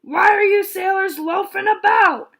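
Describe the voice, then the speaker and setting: Woman reading as gruff growling pirate captain, burly man, high-voiced take, storybook read-aloud. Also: animated, unhurried, fairly bright tone, exaggerated voice. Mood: barking.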